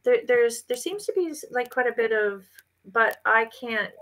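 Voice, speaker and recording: A woman's voice: fairly high pitch, expressive, brisk. A woman talking as a podcast guest about parenting a child with special needs, rambling with many fillers and restarts. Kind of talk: casual conversational interview.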